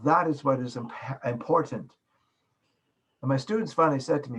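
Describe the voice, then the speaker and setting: A brisk, slightly rough, medium-pitched man from Canada lectures to a class on a poorly recorded track. He's emphatic, repeating important words, and shows what soft and loud speaking sound like.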